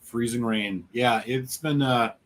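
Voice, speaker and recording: This is a middle-aged man from the Chicago area hosting a live stream, with a voice pitched in the ordinary middle range. He talks upbeat and friendly while he reads the chat and welcomes each viewer by name. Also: slow, a little hiss or hum. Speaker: host.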